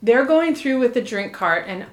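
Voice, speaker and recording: A woman's voice: a little high, moderate pace. Woman rambling thru a travel story, swears a bit, echoey room. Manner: animated storytelling, swears, quotes people. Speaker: storyteller in a chat. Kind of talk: casual chat. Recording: roomy echo.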